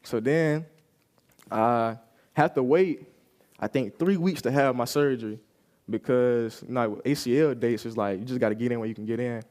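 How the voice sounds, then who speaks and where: A young man shares a personal testimony in an easy, conversational way, slipping into the voices of the people in his story as he tells it. His voice sits at an ordinary middle pitch for a man. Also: normal speed, a little mellow. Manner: casual storytelling, acting out quoted lines. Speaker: youth service speaker.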